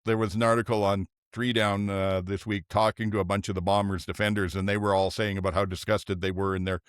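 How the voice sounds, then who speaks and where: A man's voice: on the low side, a little fast, smooth, no echo. Older man, dry casual football talk. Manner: relaxed, thinks aloud with restarts. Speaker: podcast host. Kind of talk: casual sports chat.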